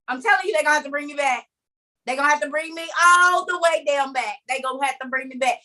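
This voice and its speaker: Animated high-voiced woman preaching. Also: quick pace. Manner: dramatic storyteller who acts out scenes and laughs often; emphatic and repetitive, addressing listeners directly. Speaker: speaker leading an online group meeting. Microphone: video call.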